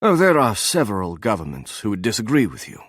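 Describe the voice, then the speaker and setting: A man voicing a stubborn intelligence officer with a German accent who speaks softly but coldly. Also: fairly low pitch, wildly swooping pitch, a little fast, breathy edge, no room sound, studio quality, exaggerated voice. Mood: menacing. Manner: soft, chilling, stubborn.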